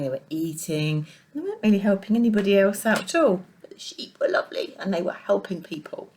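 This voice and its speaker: Animated woman telling a children's Bible story. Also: low voice. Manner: playful and animated. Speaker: junior church leader.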